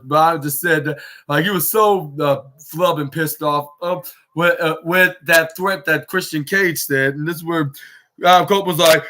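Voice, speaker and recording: A young man hosting a podcast, recapping wrestling in a casual, halting way with many fillers and restarts. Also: a little high, fairly even intonation, pushed and bright. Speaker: podcast host.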